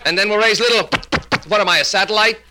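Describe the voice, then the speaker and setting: A stammering, flustered young bride, put on by a male comedian in a stand-up joke. She stutters and repeats each phrase in a high, sharply bright voice. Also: fast, rough recording.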